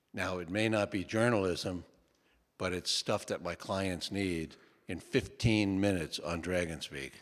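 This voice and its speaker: An older man with a lowish voice talks to an audience in a relaxed, anecdotal way. He restarts often and checks in with "okay?". His voice carries a long hall reverb. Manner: folksy, repeats "okay?", frequent restarts. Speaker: author speaking at a book talk. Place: lecture hall.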